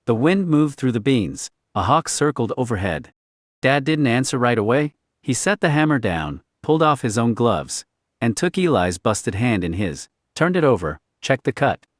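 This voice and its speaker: A man reading a story aloud in a quiet, clipped, understated way. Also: mid-range voice, big pitch swings, moderate pace, no echo, clean studio sound. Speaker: narrator. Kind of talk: scripted story narration.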